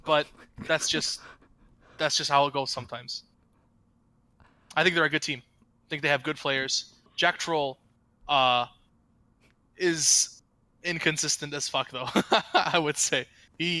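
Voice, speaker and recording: A man who coaches an esports team, a guest on a casual podcast, joking and sarcastic and getting animated as he rants. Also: on the high side, a little slow, long pauses, no echo.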